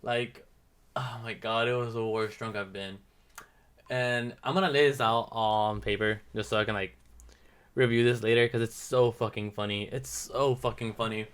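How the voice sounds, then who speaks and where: A man's voice: mid-range voice, fairly even intonation, normal speed, fairly bright tone, smooth. A young man telling a rambling, profane story to the camera as a casual vlog, switching between English and Spanish. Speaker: vlogger.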